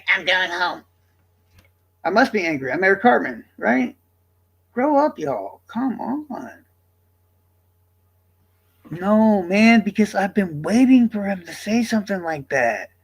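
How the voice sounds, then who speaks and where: This livestreamer has a high, slightly rough voice and delivers a casual, defensive rant to his chat, swearing as he goes. He keeps shifting from loud to quiet.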